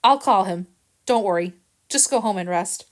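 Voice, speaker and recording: A woman's voice: mid-range voice, normal speed, natural voice. A woman reading aloud and voicing Harrison, a kennel owner who soothes but dodges questions. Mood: soothing. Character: nervous, evasive man who runs a kennel. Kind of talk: audiobook reading.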